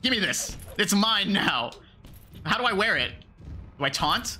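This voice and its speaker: A gaming video creator doing let's play commentary, excitable, laughing a lot and yelling and swearing at the game. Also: mid-range voice, moderate pace, pauses often. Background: game music.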